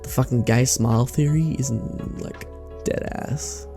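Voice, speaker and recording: A man's voice: medium pitch, a little slow, gravelly, over music. A young man with an Australian accent chatting casually to camera in a vlog, rambling, slangy and sweary. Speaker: vlogger.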